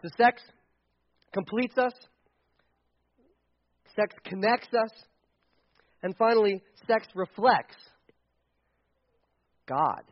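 A man preaching a lively, joking sermon as pastor to a congregation, with frequent restarts. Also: high-pitched, extremely slow, long pauses, no echo, highs cut off.

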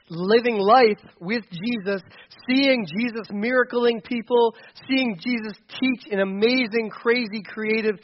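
High-voiced casual young-sounding preacher man. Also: muffled recording, a little hiss or hum. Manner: casual and animated, acting out scripture lines. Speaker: pastor. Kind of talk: sermon. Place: church building.

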